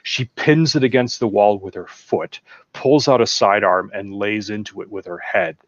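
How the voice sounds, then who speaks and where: A man's voice: lowish voice, moderate pace, no echo, highs cut off. A man enthusiastically retelling film moments in casual chat, bursting into acted-out quotes. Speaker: podcast guest.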